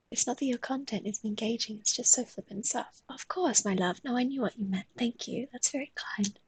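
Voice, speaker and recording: A woman talks in a soft, mostly whispered voice and yawns often as she chats with viewers on a live stream while she draws. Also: on the high side, normal speed, breathy edge, no echo.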